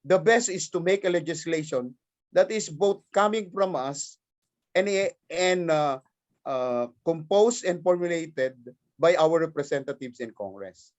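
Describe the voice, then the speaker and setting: A man's voice: a little high, expressive, unhurried. Emphatic Filipino man giving forum remarks. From Philippines. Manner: emphatic, repeats key points. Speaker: cooperative leader giving remarks. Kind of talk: formal forum speech. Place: virtual forum, remote.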